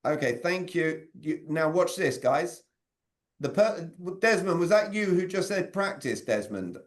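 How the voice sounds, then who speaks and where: A man, leading an interactive sales communication training over a video call and quizzing his audience. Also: on the high side. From Britain. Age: 40s. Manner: energetic, quizzes the audience with quick questions.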